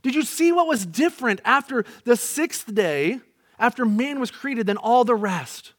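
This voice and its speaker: A man with a high, light voice preaches with earnest emphasis. He leans on rhetorical questions and presses his points home to the people listening. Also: expressive, a little slow. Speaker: pastor. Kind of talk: sermon. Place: church, to an online audience.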